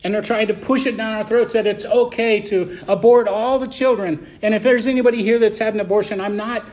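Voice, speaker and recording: A man preaching a sermon as pastor, reading scripture and speaking with passion, sometimes loud and sometimes slow and low. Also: steady tone. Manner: impassioned, shifting between loud emphasis and slow, low, deliberate delivery.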